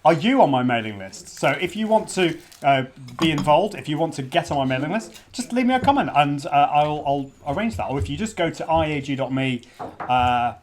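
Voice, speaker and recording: A man's voice: a little high, very animated, brisk, slight background noise. Man, middle-aged, live stream host, chatty, restarts. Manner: chatty, restarts often, interrupted by kids. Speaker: podcast host. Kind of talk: casual livestream talk.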